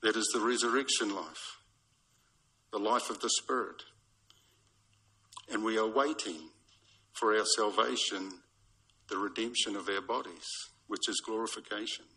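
Gravelly New preacher, bright and husky. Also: male voice, fairly low pitch, poor audio. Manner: measured, storytelling preacher. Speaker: pastor. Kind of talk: sermon.

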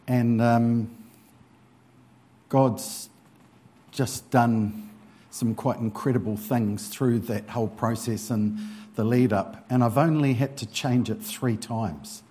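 A man preaching a church sermon, unhurried and hesitant, with frequent pauses and ums. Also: mid-range voice, steady tone, dark tone, slightly rough.

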